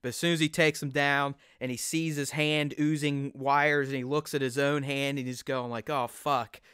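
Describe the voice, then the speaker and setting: Profane, ranting man with a bright voice. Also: mid-range voice, normal speed, clean tone, no echo, clean studio sound. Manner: profane, animated ranting with acted-out quotes. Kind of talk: casual chat.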